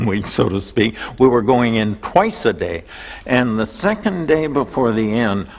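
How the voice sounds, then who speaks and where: A man speaks as an interview guest, unhurried and reflective, his low voice rising and falling with strong expression. The recording carries a long, lingering hall reverb. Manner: slow, thoughtful, expressive. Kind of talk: reflective personal storytelling.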